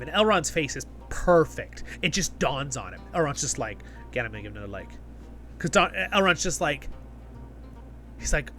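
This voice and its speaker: A man's voice: mid-range voice, sing-song, fast, sharp tone, faint music behind. A man hosting a casual episode review, enthusiastic and rambling, often checking in with the viewer. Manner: enthusiastic, rambling, keeps asking "right?". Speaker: host of a fan review channel.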